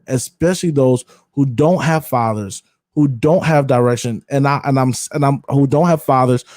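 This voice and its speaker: A man's voice: medium pitch, a little mellow, no room sound, clean studio sound. A man hosting a podcast in casual conversation, talking candidly and emphatically with slang and repeated words. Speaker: podcast host.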